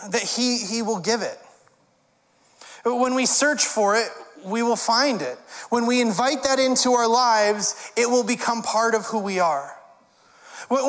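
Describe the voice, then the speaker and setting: A man's voice: extremely high pitch, a bit bright. A male pastor preaching a sermon in a conversational way, with wry humorous asides. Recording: long hall reverb.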